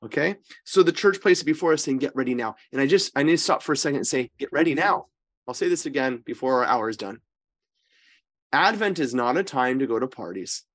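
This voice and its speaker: A man's voice: mid-range voice, expressive, fast, a bit bright. A man, a priest, leading an informal Bible study. He speaks emphatically, keeps checking in with his listeners and often restarts or corrects himself mid-sentence. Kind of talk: informal scripture teaching.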